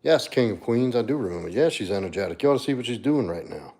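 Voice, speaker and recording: The man's mid-range, darkish voice is expressive and quick-paced. Though animated in delivery, this fitness coach is laid-back on his casual livestream, answering chat viewers and talking to his dog.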